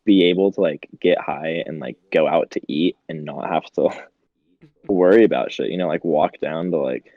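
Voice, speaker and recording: A man's voice: a bass voice, moderate pace, no room sound. A young man co-hosting a podcast, telling stories in casual chat, swearing a lot and often breaking into giggles. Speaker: podcast co-host. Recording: dull lo-fi sound.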